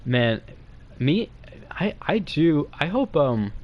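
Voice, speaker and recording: A man's voice: a little high, sing-song, lo-fi sound, slight background noise. A young man rambling crudely and nervously as a guest to some streamers, giggling as he goes. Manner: nervous, quick and quiet. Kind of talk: rambling comedic chat.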